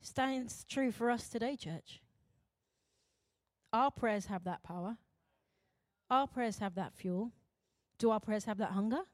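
A young adult woman pastor, preaching emphatically, swinging between loud urgent calls and quiet intense moments. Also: fairly high pitch, takes it slowly, long pauses, no room sound, studio quality. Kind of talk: sermon.

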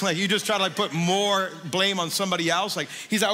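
Male pastor, high and bright, conversational sermon with sung emphasis; echoey hall. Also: fairly even intonation, brisk, few pauses.

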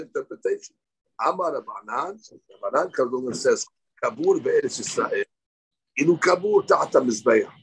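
A man's voice: fairly high pitch, breathy edge, rough recording. A man teaching a live Talmud class. He reads Aramaic lines aloud, explains them in English, and rises sharply on key points. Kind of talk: daily Talmud class lecture.

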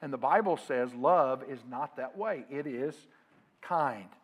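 A male pastor preaching a sermon to his congregation, calling on them to answer aloud and swinging from loud emphasis to quiet asides. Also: mid-range voice, lively intonation, a little slow.

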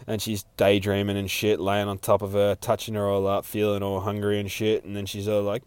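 A man's voice: lowish voice, steady tone, moderate pace, clean tone, dry recording. A man hosting a podcast, recapping a comic in a casual, profane, rambling way and laughing often. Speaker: podcast host.

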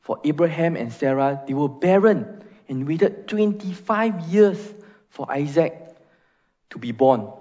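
Fairly high-pitched but dark in tone, this pastor's voice is animated and a little slow. He delivers an emphatic sermon, reads scripture and leads prayer, the recording muffled within a reverberant church sanctuary.

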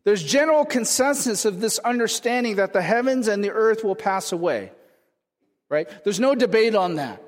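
High-voiced male pastor in a reverberant hall. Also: expressive, normal speed. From California. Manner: conversational preaching, frequent "right?" to the congregation. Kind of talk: sermon.

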